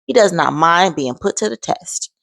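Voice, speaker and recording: A woman's voice: fairly low pitch, lively intonation, moderate pace, gravelly, fairly bright tone, no room sound. A woman in her forties sharing an emphatic, heartfelt faith testimony in a vlog. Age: 40s. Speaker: vlogger.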